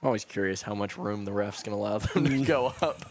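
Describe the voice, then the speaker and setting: A man's voice: fairly low pitch, a little fast, slight background noise. A male commentator calling soccer play-by-play in an easygoing way, with dry asides. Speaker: color commentator.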